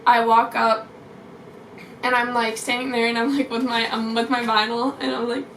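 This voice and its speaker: Young woman vlogger, storytime, high voice, mic set back in an echoey room. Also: flat delivery, moderate pace, a bit bright, slight background noise. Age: young adult. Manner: gushing, rambling with many "like"s. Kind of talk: casual storytime. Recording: roomy echo from far off.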